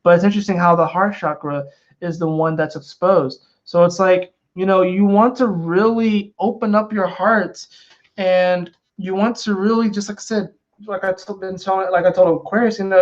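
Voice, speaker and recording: Rambling man reading tarot, lo-fi. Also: high voice. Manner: rambling, conversational, many fillers and repetitions. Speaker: astrology and tarot reader. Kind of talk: casual spoken tarot reading. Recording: dull lo-fi sound.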